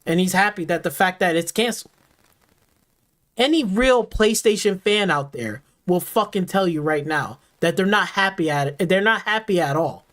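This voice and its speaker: A man streams a game and launches into an angry rant, swearing heavily and repeating himself as he reacts. His voice is high and a bit bright, moving at a moderate pace.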